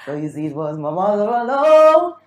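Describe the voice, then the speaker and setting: A Jamaican woman, a reggae singer, telling animated stories about her early career in a casual interview, slipping into patois. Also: mid-range voice, moderate pace, roomy sound, dull audio. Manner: lively, sings snatches of songs, patois-laced.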